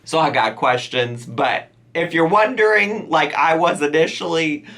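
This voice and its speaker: Incredulous man reacting with bright, lively voice. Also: on the high side, unhurried. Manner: incredulous, teasing, laughing. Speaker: reaction channel host. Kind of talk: comedic reaction commentary.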